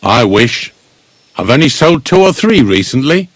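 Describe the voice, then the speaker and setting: An actor playing a blunt, grumbling village gravedigger in a video game, speaking. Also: male voice, medium pitch, sing-song, measured pace, no room sound. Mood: gruff.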